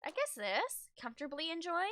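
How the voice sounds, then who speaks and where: A woman's voice: very high voice, big pitch swings, moderate pace, a bit bright, dry recording. A woman streaming a game, reading its text aloud and adding chatty, musing asides in casual commentary.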